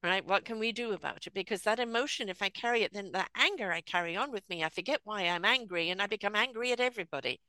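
An older woman hosting a conversational interview, talking in an animated way and acting out small quoted voices. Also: mid-range voice, fast talker, few pauses, dry recording.

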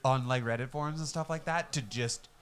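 A man's voice: medium pitch, fairly quick, a bit bright, a little hiss or hum. A man guest on a podcast, chatting casually and enthusiastically. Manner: enthusiastic, emphatic. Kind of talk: casual chat.

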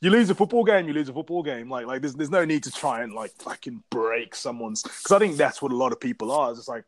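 A man's voice: mid-range voice, fast talker. A man from Africa, telling stories in casual, profane chat as a podcast co-host. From South Africa. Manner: rambling, profane storytelling.

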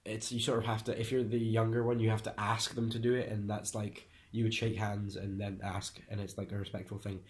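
A young man in casual conversation, explaining at length with frequent restarts and pauses to find the right word. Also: lowish voice, little pitch movement.

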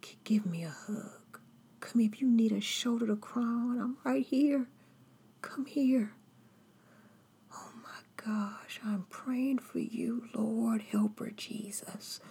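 This is a syrupy, gossiping woman who pretends to care, performed by a woman preacher in a much higher put-on voice. She coos in a breathy, half-whispered sing-song, all sugar and theatrical sympathy. The warmth is thin and insincere. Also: takes it slowly, heavily acted. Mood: syrupy fake pity. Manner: cooing, over-sweet, theatrical pity.

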